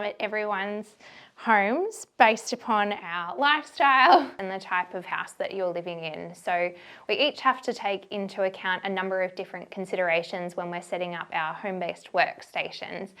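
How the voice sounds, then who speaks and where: A woman's voice: medium pitch, a bit bright. A young woman presenting a workplace safety video in a friendly, chatty instructional way. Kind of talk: casual instructional talk.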